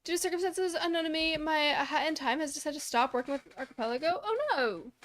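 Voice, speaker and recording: A young woman with a high, light voice chats casually on a live stream. She greets viewers by name in a bubbly, upbeat way and often drops into soft, mumbled asides. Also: quick pace.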